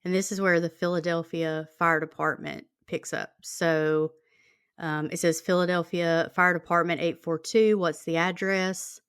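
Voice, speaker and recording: A woman's voice: lowish voice, flat delivery, a little slow, fairly bright tone, smooth, dry recording, studio quality. A woman hosting a true-crime podcast, reading out a call transcript in a plain conversational way with many fillers. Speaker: podcast host.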